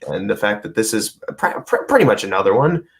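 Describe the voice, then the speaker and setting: Young male co-host, lower pitch, exasperated, stammering rants full of curses. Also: sing-song, brisk. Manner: exasperated ranting, stumbling restarts, heavy swearing. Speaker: podcast co-host. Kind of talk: casual movie preview chat.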